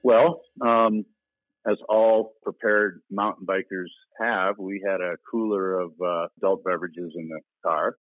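A plainspoken man with a very low voice tells his own story casually and laughs now and then. He sounds thin and phone-like, dry and close, with faint music behind him. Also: steady tone, a little slow, no room sound. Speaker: interview guest. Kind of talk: casual recounting.

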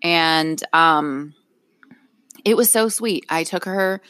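A woman's voice: deep voice, slow pace, fairly bright tone, clean tone, no room sound, clean studio sound. A middle-aged woman co-hosting a podcast, telling a story in casual chat, laughing often and acting out what others said. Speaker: podcast co-host.

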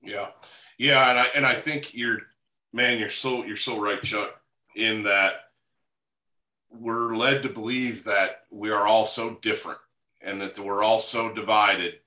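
A man's voice: lowish voice, steady tone, unhurried, sharp tone. A man in casual conversation, agreeing and reflecting emphatically. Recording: echoey room.

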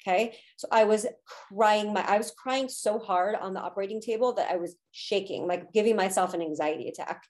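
A woman's voice: medium pitch, a little fast, hardly any pauses, darkish tone. A woman in her thirties, a podcast guest, telling a personal story in a candid, emotional way with frequent fillers. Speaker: podcast guest, spiritual teacher.

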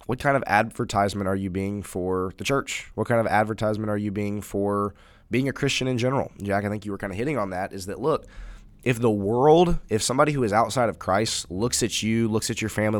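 A man's voice: fairly low pitch, no echo, clean studio sound. A man co-hosting a Christian podcast, talking in an earnest, emphatic way and restarting phrases as he rephrases. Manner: earnest, emphatic, repeats words when rephrasing. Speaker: podcast co-host. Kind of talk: casual Christian podcast discussion.

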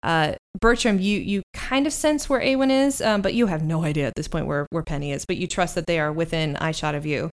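A woman narrating as game master of a tabletop game, descriptive and unhurried, with halting restarts. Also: low-pitched.

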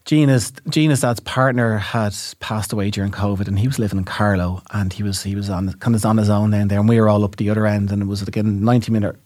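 A man's voice: lowish voice, steady tone, darkish tone, dry recording, clean studio sound. An Irish man, a podcast guest, chatting casually and filling in parts of a shared story. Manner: quick, chiming in on his wife's story. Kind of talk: casual chat.

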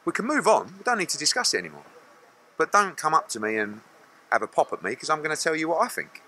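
A man's voice: fairly high pitch, big pitch swings, quick pace, bright, forceful tone. A middle-aged man, a boxing promoter answering press questions bluntly and acting out other people's lines.

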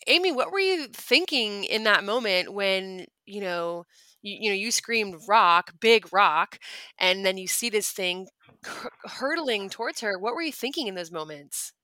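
A woman host asks her questions slowly and with encouragement. Her voice is bright and forward. The mic is close and dry. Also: mid-range voice, lively intonation, no echo. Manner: encouraging, many backchannels. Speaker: podcast host. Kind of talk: interviewing.

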